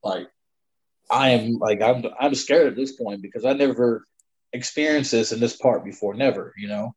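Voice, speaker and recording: With a medium-pitched, darkish voice that has a breathy edge, a middle-aged man speaks at normal speed. As a guest storyteller he casually recounts a long personal hunting story, rambling and filler-heavy. The sound is lo-fi and slightly dull.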